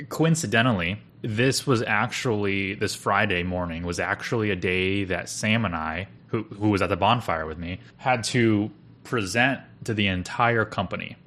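Young guy with a lowish voice on a podcast, rambling story, says like a lot, lots of restarts. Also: fairly bright tone. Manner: rambling, filler-heavy with frequent "like" and restarts. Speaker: podcast co-host. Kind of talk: casual storytelling chat.

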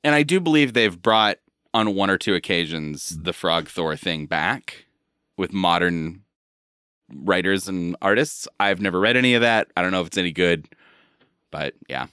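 Low-voiced guy hosting a comics podcast, bright and bouncy, dry mic. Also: expressive, normal speed, smooth, dry recording. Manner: wraps up the show, giggly. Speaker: podcast host. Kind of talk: casual chat.

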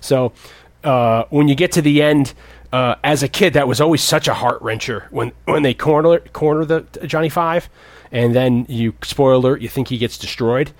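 A man in his thirties co-hosting a casual movie podcast, rambling and often jumping up in pitch to act out the characters. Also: normal speed, no room sound. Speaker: podcast co-host.

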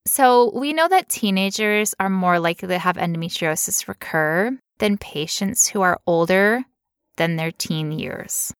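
A woman co-hosting a casual health podcast, explaining medical ideas clearly with playful asides and frequent laughter. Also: fairly low pitch, animated, a little slow, dry recording, clean studio sound. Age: adult past teen years. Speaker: podcast co-host.

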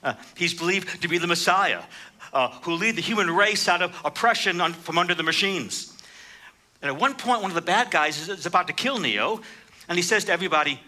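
A man preaching a sermon, reading scripture and explaining it, lifting his voice sharply for quoted lines. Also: a little fast. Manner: animated, raises pitch for quoted speakers.

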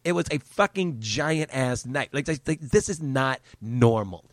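A man's voice: medium pitch, animated, measured pace, no room sound, clean studio sound. A man delivering a heated, profane, sarcastic rant as a vlogger. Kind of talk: angry ranting monologue.

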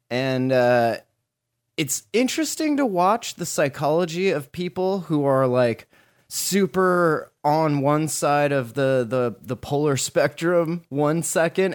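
A man's voice: on the high side, lively intonation, slow pace, clean tone. A man hosting a casual podcast, rambling and joking with frequent restarts and some swearing. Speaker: podcast host.

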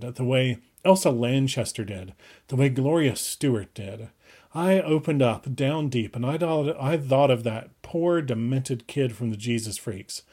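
A man reading first-person fiction aloud with brisk, urgent delivery that speeds up and slows down. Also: mid-range voice, a little mellow. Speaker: audiobook reader.

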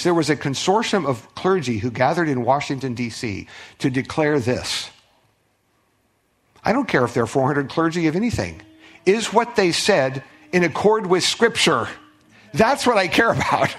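A middle-aged male pastor preaching a sermon, telling a story with conversational restarts, swinging from loud outbursts to hushed asides. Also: a little high, sing-song, normal speed, husky. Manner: conversational, repeats words and restarts.

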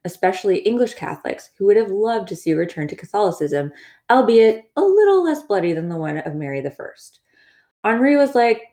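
A woman's voice: on the low side, vocal fry, darkish tone. A woman narrating history in a casual scripted style, full of wry, sarcastic asides. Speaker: history podcast host.

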